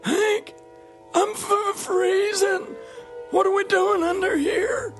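Drover, a whiny little ranch dog. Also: male voice, steady tone, slow pace, faint music behind. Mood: shivering. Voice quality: high quavering voice. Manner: stammering from cold. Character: timid small male ranch dog, whiny.

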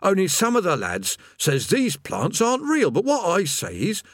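A man's voice: high-pitched, huge pitch swings, normal speed, no echo, studio quality, voice pushed up, heavily acted. A man voicing a weary, put-upon male demon doorman of hell who grumbles mournfully, in an audiobook reading. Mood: mournful grumbling. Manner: grumbling, mournful, plain-spoken. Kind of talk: audiobook character voice.

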